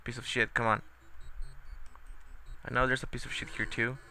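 A man commenting on his own gameplay in a rambling way, full of hesitant fillers and loud cursing at the game. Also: medium pitch, little pitch movement, normal speed. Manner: rambling, swearing, yelling at the game. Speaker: let's play gamer. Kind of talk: profane let's play commentary.

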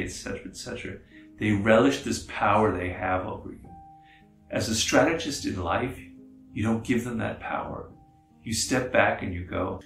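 A man who writes on strategy, talking through his ideas in a measured, explanatory monologue and repeating phrases for emphasis. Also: fairly low pitch, fairly bright tone. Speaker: author speaking on strategy. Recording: roomy echo, faint guitar music behind.

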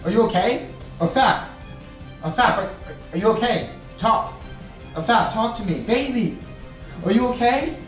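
A man's voice: high-pitched, lively intonation, a little slow, long pauses, distant mic. A young man co-hosting a home vlog, rattled and repeating himself while pleading with his girlfriend. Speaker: boyfriend, co-host. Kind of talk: prank vlog, casual. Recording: roomy, off-mic, faint music.

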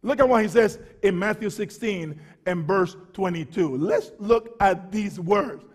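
Fervent preaching man, high voice. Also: lively intonation, measured pace, in a large hall. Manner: fervent preaching, swings from quiet to shouting; stammers and repeats words. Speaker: pastor. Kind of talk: sermon.

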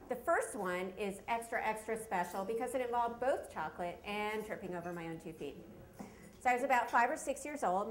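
A woman's voice: on the high side, slight background noise. Woman telling a funny story on stage. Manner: self-deprecating, humorous storytelling. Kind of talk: live storytelling performance. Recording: roomy live venue.

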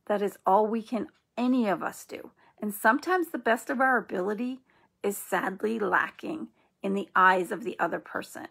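A middle-aged woman hosting an inspirational channel, speaking in a gentle, earnest and reassuring way. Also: mid-range voice, normal speed, gravelly, husky. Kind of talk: encouraging spiritual talk.

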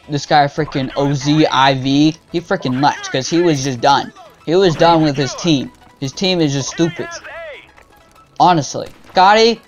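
A young man gives live gameplay commentary for his gaming channel, trash-talking his teammates in slang. His voice is a little high, and he gets frustrated easily.

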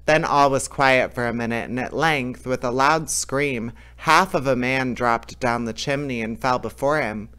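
A man reading a fairy tale aloud in a lively way, with small slips and restarts. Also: medium pitch, unhurried, hardly any pauses, clear, resonant tone. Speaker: storyteller.

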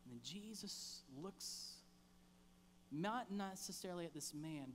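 A pastor delivering an impassioned sermon, pausing for emphasis and repeating key phrases. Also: male voice, a little high, creaky, big-room sound, slight background noise. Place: church sanctuary.

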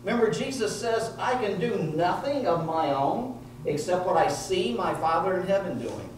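A man's voice: high-pitched, big pitch swings, moderate pace. A male pastor preaching an earnest, emotional sermon full of repeated phrases. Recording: echoey room heard from a distance with faint noise.

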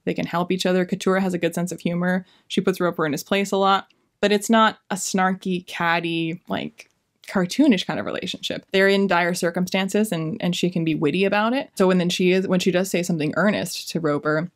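A woman's voice: fairly low pitch, fairly even intonation, fairly quick. A young adult woman talking casually in a book review vlog, enthusiastic and gushing.

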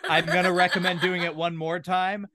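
A man's voice: high-pitched, little pitch movement, normal speed, very noisy. A man as a comedian guest on a casual podcast, jokey and giving step-by-step instructions with mock confidence.

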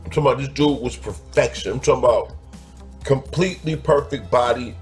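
A man's voice: mid-range voice, a little fast, soft background music. A man telling a crude personal story, blunt and profane, stretching out words for emphasis.

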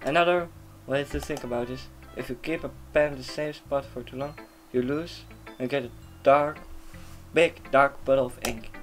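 A man's voice: mid-range voice, fairly even intonation, moderate pace, faint music behind, natural voice. A man voicing a confident, cheerful teenage girl who runs a club, reading game dialogue aloud with a lightly raised voice. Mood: friendly.

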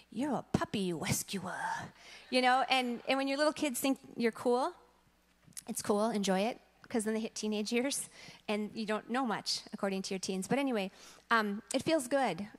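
A woman's voice: a little high, big-room sound. A woman in her thirties or forties, a church teacher, telling a story in a sermon and acting out the quotes in it. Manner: animated storytelling, acts out quotes. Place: church sanctuary.

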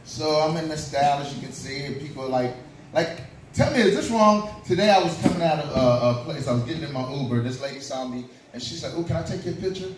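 A man's voice: a little high, fast talker. A man from Kentucky doing a loose, profane stand-up set in a comedy club. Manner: loose, profane storytelling with punchlines. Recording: very echoey club from far off, noisy. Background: club crowd laughing.

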